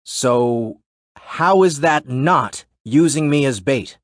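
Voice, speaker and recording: A wary, sarcastic journalist who doesn't buy what he's told, as a male narrator voices him. Lifted a little above the narrator's low register, in a dry, close audiobook sound. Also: lively intonation, takes it slowly, dry recording. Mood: skeptical. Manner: skeptical, sarcastic.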